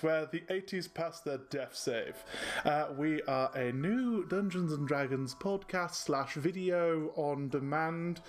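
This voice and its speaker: A man with a fairly high voice hosts a tabletop game podcast as game master. He keeps things loose with jokey, self-mocking banter, with soft music playing behind him. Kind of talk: casual podcast introduction.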